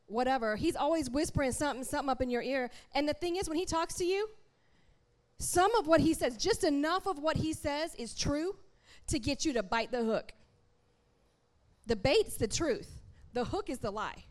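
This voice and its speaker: A woman preaching a sermon in a church, talking straight to the congregation in an animated, conversational way. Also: sits high, moderate pace.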